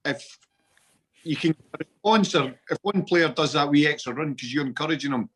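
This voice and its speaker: A man's voice: fairly high pitch, normal speed, a bit bright, slightly rough. Scottish man telling football stories. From Scotland. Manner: chatty storytelling with local slang. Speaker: football podcast guest. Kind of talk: casual chat.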